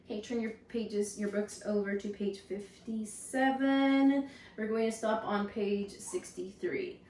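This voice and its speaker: A woman's voice: mid-range voice, measured pace, a little mellow, recorded from a distance, slight background noise. A woman teaching first graders, reading a lesson aloud and patiently sounding out hard words. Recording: echoey room, voice off-mic.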